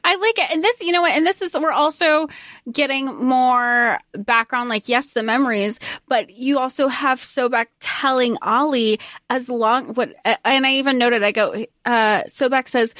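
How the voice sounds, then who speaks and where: A woman's voice: sits high, normal speed, fairly bright tone, dry recording, studio quality. A woman co-hosting a podcast, reflecting on a book and working through her notes aloud. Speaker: podcast co-host. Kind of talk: casual book discussion.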